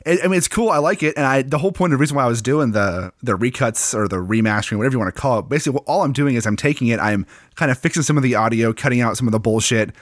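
A man's voice: medium pitch, very fast, few pauses, dry recording, clean studio sound. A man co-hosting a podcast in casual chat, laid-back and self-deprecating, laughing often. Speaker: podcast co-host.

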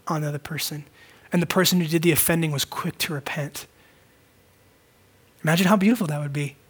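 A man's voice: fairly high pitch, a bit bright, slightly rough. A man preaching a conversational sermon, acting out short quoted dialogues. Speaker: pastor.

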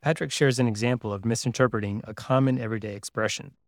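Male narrator-interviewer, mid pitch, measured, dry studio sound. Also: dry recording. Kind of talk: scripted narration and interview questions.

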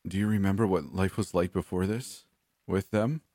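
A man giving voice to a careful woman who speaks softly and hesitantly, only a little above his own low range. The delivery is close and dry, with no room around it. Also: steady tone, moderate pace, no echo. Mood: cautious. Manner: soft, hesitant questions. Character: careful, soft-spoken woman investigator. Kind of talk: horror story reading.

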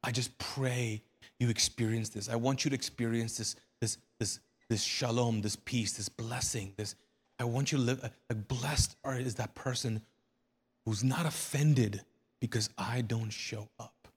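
A man's voice: mid-range voice, steady tone, unhurried, slightly rough. Earnest man preaching a sermon. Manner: earnest, conversational preaching with frequent repetitions and restarts. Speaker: pastor.

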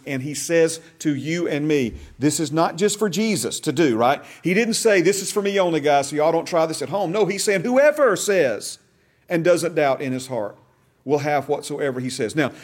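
A man's voice: on the high side, a little mellow. A man teaching a discipleship class, reading scripture aloud and stressing key phrases with emphatic repetition. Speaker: bible teacher.

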